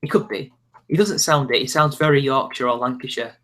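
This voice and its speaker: Young manc guy chatting on a call, laughs a lot, goes off on tangents, mid-pitched. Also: a little fast, fairly bright tone. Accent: Mancunian. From South Manchester, England. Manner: chatty, laughs often, digresses. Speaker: channel host. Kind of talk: casual chat.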